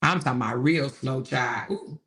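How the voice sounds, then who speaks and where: A man's voice: mid-range voice, moderate pace, sharp tone. A man hosting a casual commentary show, chatty and given to laughing and exclaiming to his viewers.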